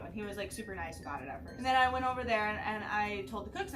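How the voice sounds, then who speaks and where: A young woman hosting a casual vlog, telling stories in a profane, animated way full of "like"s. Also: mid-range voice, fast talker, few pauses, recorded from a distance, music in the background, low-quality recording. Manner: profane, animated storytelling with many "like"s. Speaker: vlogger host. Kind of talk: casual storytelling chat.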